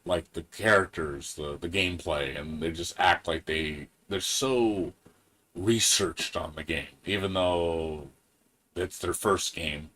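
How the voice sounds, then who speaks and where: A man's voice: deep voice, a bit bright. A man ranting on a gaming live stream, profane and heated, mocking other people in quoted voices. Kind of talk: casual gaming stream rant.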